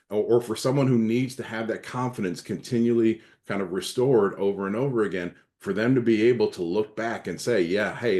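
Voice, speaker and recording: Middle-aged guy coaching leaders, lowish voice, earnest, keeps restarting words. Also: darkish tone. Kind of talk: recorded training session presentation.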